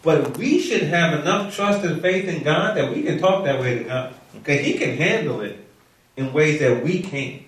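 A man leading a Bible study, reading scripture slowly and solemnly, then teaching the group conversationally with questions. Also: a little high. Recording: echoey room, mic far off.

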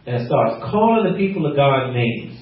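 A man preaching a teaching sermon, animated and laughing often, acting out the quotes he reads. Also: medium pitch, moderate pace. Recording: roomy, distant, muffled.

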